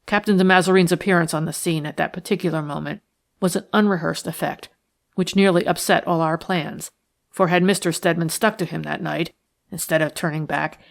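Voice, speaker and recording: A woman reading the lines of a rough, jealous man who threatens and boasts in a harsh, coarse manner. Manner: sullen, menacing, low-voiced. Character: rough jealous male schemer, bitter and threatening. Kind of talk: audiobook character reading.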